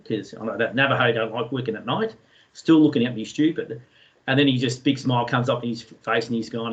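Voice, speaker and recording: An Australian man telling a story in a relaxed way, with many fillers, as a guest speaker in an online session. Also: medium pitch, fast talker, highs cut off. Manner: chatty, anecdotal, many fillers.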